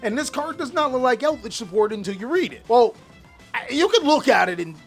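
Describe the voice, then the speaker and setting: Animated, jokey male gaming host. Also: extremely high pitch, fairly quick, faint music behind. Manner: animated, jokey, trash-talking. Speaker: YouTube host. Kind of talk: casual gaming commentary.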